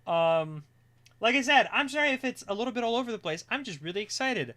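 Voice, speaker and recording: A streamer chatting casually on a live stream, excitable and rambling, drifting into quiet mumbling while setting things up. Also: medium pitch, brisk.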